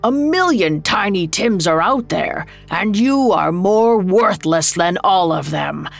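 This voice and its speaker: A woman reading a storybook, voicing a towering stern male Christmas spirit who speaks gravely and with reproach. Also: fairly low pitch, expressive, slow, soft background music, heavily acted. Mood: scolding.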